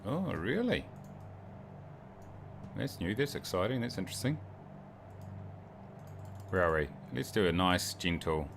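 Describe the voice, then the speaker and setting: Deep-voiced New Zealand man, joking. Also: big pitch swings, unhurried, gravelly, long pauses, background noise. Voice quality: joking, rambling, self-mocking. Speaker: streamer. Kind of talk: casual livestream chat while flying a sim.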